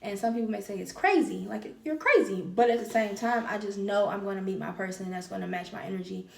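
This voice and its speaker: A woman's voice: mid-range voice, brisk, creaky, a little mellow, recorded from a distance. Candid woman on a podcast, echoey room. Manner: candid, emphatic, repeats phrases for emphasis. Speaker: podcast host. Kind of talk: personal monologue on healing.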